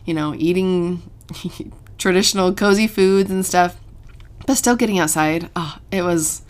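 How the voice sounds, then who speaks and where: A woman co-hosting a parenting podcast, talking in a chatty, animated way with frequent laughs and fillers. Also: lowish voice, a little slow, smooth. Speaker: podcast co-host and mother. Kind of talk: casual chat.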